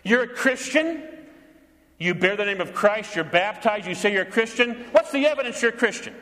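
Male pastor, high voice, dramatic sermon delivery, echoing church hall. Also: lively intonation, normal speed, bright, forceful tone. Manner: dramatic, acts out voices, rhetorical questions, pitch swings.

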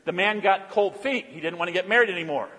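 Husky high-voiced preacher in a reverberant hall. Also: male voice, fast. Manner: dramatic swings from loud proclaiming to hushed intensity. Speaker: pastor. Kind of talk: sermon. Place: church sanctuary. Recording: long church hall reverb.

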